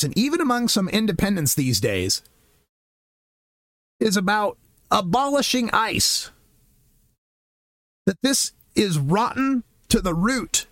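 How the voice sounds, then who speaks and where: A man's voice: sits high, sing-song, moderate pace, fairly bright tone, no echo. Male commentator, sarcastic and fired up, voice leaping up and down, dry close mic. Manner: sarcastic, impassioned. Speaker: political commentator. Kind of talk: opinionated commentary monologue.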